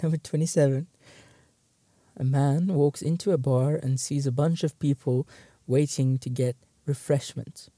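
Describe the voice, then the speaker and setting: A man's voice: medium pitch, fairly even intonation, measured pace, dark tone, no echo. A man hosting his own show, reading out jokes one by one and trying hard not to laugh, muttering and stifling giggles between them. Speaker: host.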